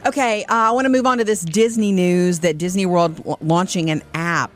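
A woman's voice: fairly low pitch, steady tone, normal speed, soft background music. A middle-aged woman co-hosting a morning radio show, chatty and digressive, laughing easily between stories. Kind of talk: casual show banter.

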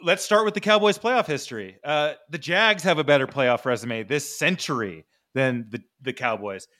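A man's voice: mid-range voice, moderate pace, sharp tone. A man hosting a sports podcast, ranting in mock anger with sarcastic jabs. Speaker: podcast host. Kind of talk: ranting casual chat.

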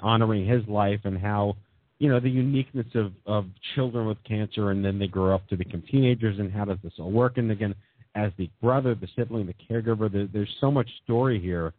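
A man's voice: fairly low pitch, brisk, dry recording. Casual male host, wordy and searching, lo-fi phone-quality sound. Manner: rambling, searching for words. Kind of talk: casual talk show. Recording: phone-quality audio with faint music.

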